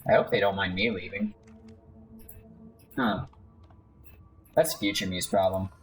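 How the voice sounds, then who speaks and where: Wry lower-voiced gamer man. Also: a little slow, faint music behind, low-quality recording. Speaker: let's play host. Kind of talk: casual gameplay commentary.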